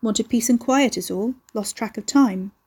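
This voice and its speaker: Brief: a woman playing a surly, mocking young man in a storybook reading; husky, mellow tone. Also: a little high, unhurried. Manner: sneering, cursing.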